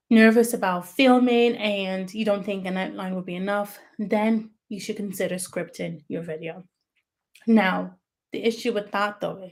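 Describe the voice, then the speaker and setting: A woman of middle pitch gives advice on making videos in a relaxed, conversational livestream. She explains things plainly and leans on certain words for emphasis. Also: creaky. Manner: chatty, explanatory, stresses key words. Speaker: YouTube strategist. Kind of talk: livestreamed tips talk.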